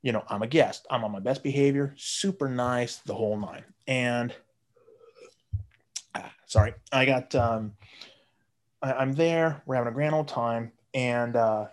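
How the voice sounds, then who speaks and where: Profane animated man telling a story. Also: medium pitch, unhurried. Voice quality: profane, animated, quotes friends in raised voices. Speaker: guest storyteller. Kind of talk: casual storytelling chat.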